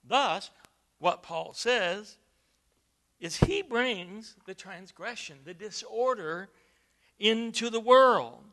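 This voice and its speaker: Male preacher, high, very bright tone, emphatic sermon delivery. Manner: emphatic, rising to loud stresses, repeats words.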